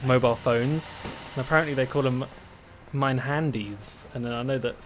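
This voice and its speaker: A man's voice: mid-range voice, moderate pace, faint music behind. Chatty man streaming a game. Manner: chatty, rambling, laughs easily. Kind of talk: casual chat while playing a game.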